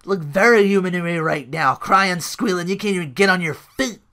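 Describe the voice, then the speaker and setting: A man puts on a cocky male wrestling champion who boasts and taunts in loud trash talk. The voice pitches up high and bright. It swings wide as he gloats. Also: expressive, fairly quick. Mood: taunting.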